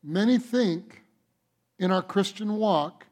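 A man's voice: high voice, slow pace, long pauses. A male pastor preaching a sermon, emphatic, with rhetorical questions to the congregation.

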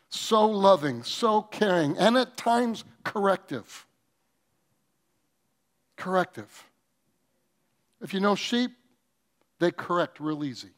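This high-pitched pastor delivers a sermon full of comic stories and acted-out quotes, moving from loud outbursts to quiet, earnest stretches.

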